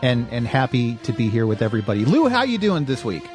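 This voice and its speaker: A man's voice: mid-range voice, very animated, fast, over music. Upbeat joking male podcast host. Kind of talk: casual chat. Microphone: studio microphone.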